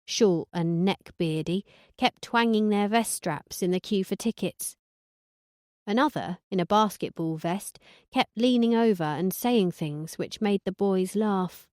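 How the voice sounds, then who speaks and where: A woman narrating an audiobook in the first person, sardonic and deadpan. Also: medium pitch, no echo, studio quality.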